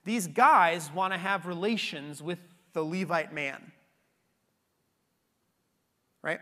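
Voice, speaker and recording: High-voiced man preaching in a reverberant hall. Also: slow, pushed and bright. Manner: conversational, checks in with tag questions. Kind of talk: sermon retelling a scripture story.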